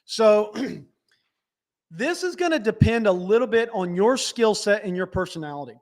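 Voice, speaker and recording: A man with a notably high voice gives blunt, practical business coaching on a live stream. He speaks straight to his audience and keeps checking that they follow him. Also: animated, a little slow, a little mellow. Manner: direct, instructive, frequent "right?" check-ins. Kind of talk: live webinar teaching.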